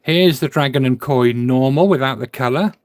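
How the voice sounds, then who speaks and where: A man's voice: medium pitch, normal speed, dry recording. A man who collects coins, chatting casually on a live stream while he sorts his collection, thinking aloud and answering viewer chat.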